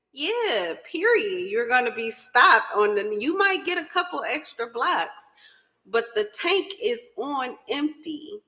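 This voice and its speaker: A woman with a voice a little on the high side, chatting loosely through a spiritual reading. She is blunt and profane and keeps breaking into giggles. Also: big pitch swings, a little slow, fairly bright tone, poor audio. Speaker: spiritual reader. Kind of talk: casual tarot reading chat.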